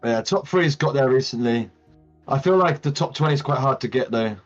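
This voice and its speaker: A man's voice: mid-range voice, lively intonation, fairly quick, soft background music. A laid-back man chatting on a live stream, laughing easily and calling people mate. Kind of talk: casual live-stream chat. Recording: slightly muffled lo-fi mic.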